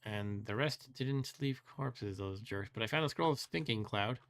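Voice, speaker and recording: A host with a lowish, fairly bright voice thinks aloud at normal speed while playing through a let's play. He muses, second-guesses himself, grumbles wryly, and chuckles often.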